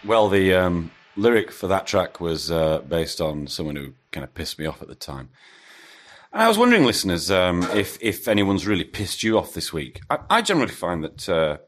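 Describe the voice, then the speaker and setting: A man's voice: low-pitched, big pitch swings, normal speed. A man hosting a podcast in casual chat, ranting with constant swearing and breaking into laughter. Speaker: podcast host.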